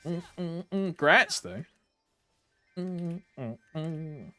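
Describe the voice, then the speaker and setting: A man's voice: on the high side, animated, extremely slow, pushed and bright, no echo, faint music behind. A young man from Britain, chatting casually on a game stream, rambling with lots of fillers and humming to himself. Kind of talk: casual live-stream chat.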